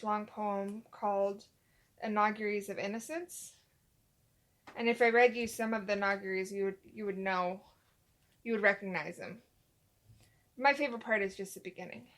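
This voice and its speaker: A young woman with a mid-range voice co-hosts a casual podcast, chatting easily with her partner. She tells a rambling story and acts out the quotes as she goes.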